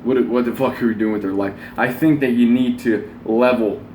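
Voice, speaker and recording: With a mid-range, slightly mellow voice and fairly even intonation, a twenty-something self-help vlogger talks at normal speed. His casual motivational monologue is blunt, rambling and full of swearing, and the audio has a roomy echo plus a little hiss or hum.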